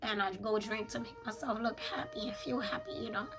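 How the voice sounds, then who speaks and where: A woman's voice: medium pitch, fairly even intonation, brisk, poor audio. A woman in her thirties speaking in a candid confessional journal, weary and blunt, swearing often. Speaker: mother journaling on camera.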